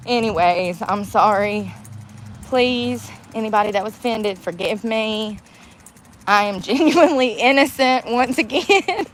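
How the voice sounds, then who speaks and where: A woman's voice: on the high side, takes it slowly, long pauses. A woman ranting bluntly in a casual vlog, laughing often, recorded outdoors in the woods. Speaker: vlogger.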